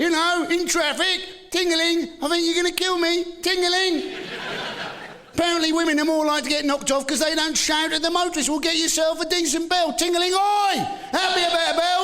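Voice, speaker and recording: A British man performing a live stand-up routine, sarcastic and punchy, firing off rhetorical tag questions and shouted bursts. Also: very high-pitched. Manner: shouty bursts mocking a bigoted motorist. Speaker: stand-up comedian. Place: live comedy venue.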